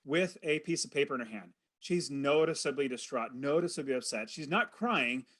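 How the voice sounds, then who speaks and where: A man's voice: medium pitch, fairly bright tone. A middle-aged man, a podcast guest, earnestly telling a personal story and acting out his own thoughts as he goes.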